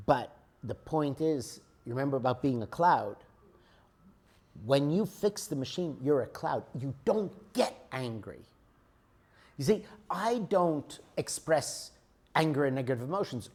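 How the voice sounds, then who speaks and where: A man's voice: a little high, a little mellow. Guy lecturing a class on emotions, explains stuff with everyday examples, keeps asking okay?. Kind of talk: spiritual teaching lecture.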